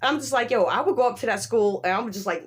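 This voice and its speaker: Animated woman recapping a show. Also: a little high. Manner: animated, acts out characters in quick quoted voices; laughs often, emphatic. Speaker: show reviewer. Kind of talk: casual recap chat.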